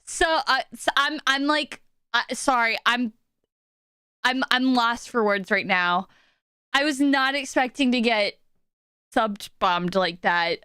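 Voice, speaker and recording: A woman's voice: on the high side, slow pace, long pauses, sharp tone, smooth, dry recording, clean studio sound. A woman streaming live, talking casually and stammering, emotional and near tears. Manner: flustered, stammering, often laughing.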